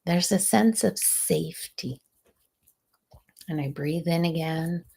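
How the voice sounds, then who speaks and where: Woman coach talking real slow, low gravelly voice, calm guiding tone, some words kinda breathed out. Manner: slow, soothing, guiding delivery with softly breathed phrases. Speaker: stress management coach and host. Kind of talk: live coaching talk.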